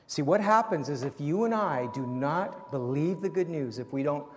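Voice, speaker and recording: High-voiced preaching man in a reverberant hall. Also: normal speed, a little hiss or hum. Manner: animated preaching that swings from loud to hushed; repeats and restarts words often. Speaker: pastor. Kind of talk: sermon.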